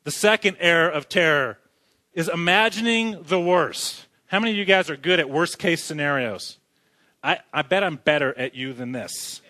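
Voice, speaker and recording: A man's voice: on the high side, moderate pace, pushed and bright. A man preaching a sermon in a church who keeps asking the congregation questions and joking as he goes. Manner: asks the congregation questions, jokes as he talks. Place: church sanctuary.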